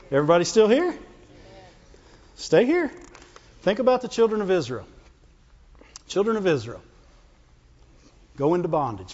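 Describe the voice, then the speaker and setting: A man preaching a sermon, lively and emphatic, climbing high when he voices God. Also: breathy edge, big-room sound, lo-fi sound.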